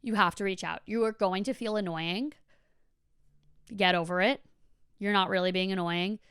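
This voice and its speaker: A young woman rambles through a casual podcast monologue, peppering everything with "like" and the odd swear word. Her voice is smooth and resonant, recorded close and dry with no room sound. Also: medium pitch, steady tone, normal speed, fairly bright tone, dry recording. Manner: chatty, frequent "like", swears casually. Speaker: podcast host.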